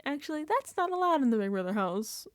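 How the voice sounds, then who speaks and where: A woman's voice: sits high, sing-song, a little fast, no echo. A woman recapping a reality TV episode in a casual reaction vlog, sarcastic and exasperated, swearing freely.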